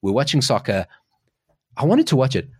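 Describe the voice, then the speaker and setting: Chatting casually as a podcast co-host, a forties-aged man spins stories with a husky voice at normal speed. His pitch leaps around and he frequently restarts sentences, all captured in a close, dry recording.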